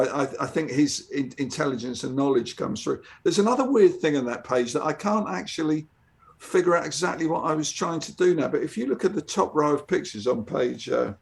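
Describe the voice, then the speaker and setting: A man's voice: on the high side, gravelly. An older man, a guest comic artist, chatting casually and reflecting on his own artwork, with frequent restarts. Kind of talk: casual chat.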